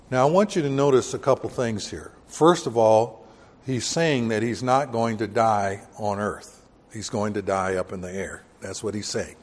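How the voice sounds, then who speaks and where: Man preaching in a reverberant hall. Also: fairly low pitch. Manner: emphatic, dismissive asides, reads scripture slowly and loudly. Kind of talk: verse-by-verse Bible teaching sermon.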